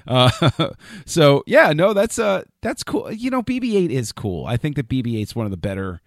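A man's voice: fairly high pitch, big pitch swings, unhurried, dry recording, clean studio sound. A man on a podcast chatting casually, enthusiastic and chuckling often, trailing off and restarting his thoughts. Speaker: podcast co-host.

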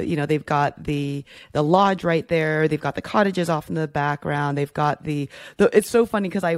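Lively storytelling man, dry close mic. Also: a little high, no room sound. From Florida. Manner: animated storyteller, acts out quoted voices. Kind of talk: casual chat.

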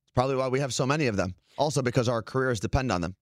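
A man from New Jersey co-hosts a relaxed chat, talking things through at length with plenty of fillers. His voice sits at a middle pitch and is recorded close and dry, with no room sound. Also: racing, dry recording. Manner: easygoing, explains at length with many fillers. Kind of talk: casual chat.

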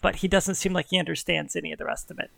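A game master narrating a tabletop game in a relaxed, unhurried way. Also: medium pitch, vocal fry, dry recording.

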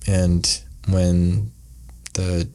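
A man's voice: sits low, flat delivery, very slow, warm tone. A man, a podcast guest, telling a story in a casual, rambling way and acting out the quoted lines. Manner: rambling, acts out quoted dialogue.

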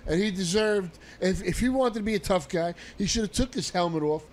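A man in casual sports talk, measured and firm in his opinions. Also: high-pitched, lively intonation, darkish tone.

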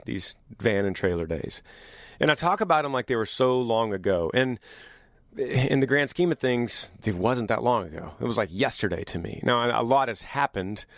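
Upbeat man with a low voice. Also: no room sound, studio quality. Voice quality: deeper voice from years of singing. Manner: upbeat, chatty, teasing his younger self. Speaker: podcast host. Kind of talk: casual solo chat.

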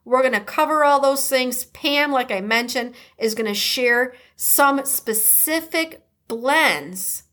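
Though her pace is slow, this high-pitched, fairly bright-voiced woman barely pauses as she hosts her podcast in an American Midwestern accent. She reads the intro and sponsor message in a chatty, upbeat manner, with playful asides.

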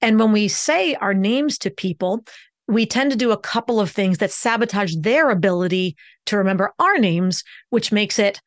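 A woman's voice: mid-range voice, animated, normal speed, no echo. Woman coaching on a dry podcast mic. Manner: instructive, varies pace to stress points. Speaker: communication coach, podcast guest. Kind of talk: expert explaining on a podcast.

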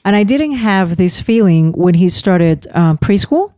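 A woman's voice: medium pitch, unhurried, no room sound, studio quality. A middle-aged woman co-hosting a casual podcast, chatting in a rambling way and acting out family conversations. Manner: chatty, rambling, quotes her kids in animated voices. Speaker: podcast co-host. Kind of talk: casual chat.

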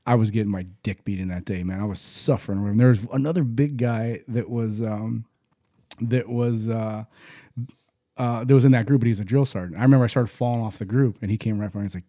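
A man recounts his army training days in a loose, profane conversational style. His voice is mellow and darkish, recorded dry and close. He stumbles and restarts often as he talks. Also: fairly low pitch, fairly quick, no echo. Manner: profane, rambling, frequent restarts. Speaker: guest, army veteran. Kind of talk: casual storytelling.

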